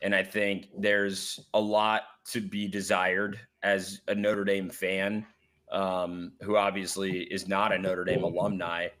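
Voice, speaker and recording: A man's voice: low voice, flat delivery, takes it slowly, fairly bright tone. A man co-hosting a casual sports podcast, earnest and rambling with many fillers. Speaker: podcast co-host.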